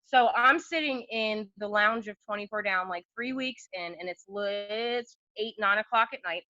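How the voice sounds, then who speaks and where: Bright-voiced young woman telling stories. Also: mid-range voice, moderate pace, no room sound. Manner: candid, animated storyteller with many fillers. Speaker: podcast guest. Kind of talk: casual storytelling chat. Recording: dull lo-fi podcast audio.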